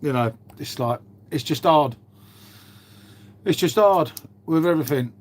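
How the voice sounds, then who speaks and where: A middle-aged man talks casually on a livestream, answering chat in a laid-back, rambling way. He swears freely and leans on mate and innit. His voice sits a touch higher than most men's. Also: lively intonation, measured pace. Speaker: livestream host reading chat.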